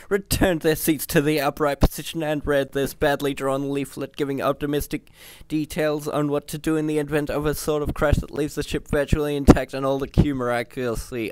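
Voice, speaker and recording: A man's voice: fairly high pitch, background noise, pitched above the performer's own voice, lightly acted. A man reading aloud and voicing a fussy, sarcastic spaceship computer that primly scolds the crew about manners.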